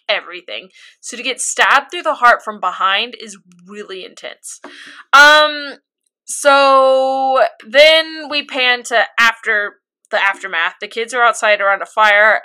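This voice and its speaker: Young woman, bright and slightly high voice, lively casual anime recap with acted-out lines. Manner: animated recap with acted-out quotes and laughs. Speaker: podcast co-host recapping an anime. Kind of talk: casual chat.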